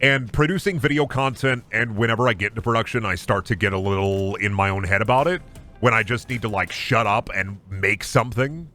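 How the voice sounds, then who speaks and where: Guy streaming games, rambly and goofy, bright edgy voice, a bit low. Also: brisk, soft background music. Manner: rambling, self-deprecating and silly. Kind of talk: casual chat while gaming.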